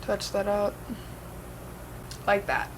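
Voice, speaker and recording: A woman's voice: mid-range voice, lively intonation, slow pace, a little hiss or hum, rough recording. A young woman chatting casually through a makeup tutorial, swearing and saying "like" and "um" a lot. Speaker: makeup vlogger.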